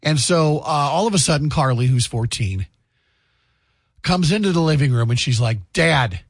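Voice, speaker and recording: A man with a slightly high, expressive voice and a breathy edge talks at a normal pace on his morning radio show. He's chatty and upbeat, telling stories about his family and giving announcements. A studio microphone in a dry booth yields a dry, studio-quality recording.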